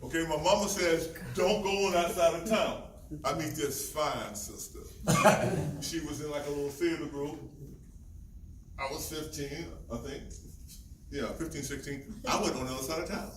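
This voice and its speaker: An older man from Virginia, a panel guest telling lively stories with frequent laughter. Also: a little high, normal speed, pauses often. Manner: animated, laughing, swings between loud and hushed. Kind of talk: storytelling on a convention panel. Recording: echoey hall from far off, noisy.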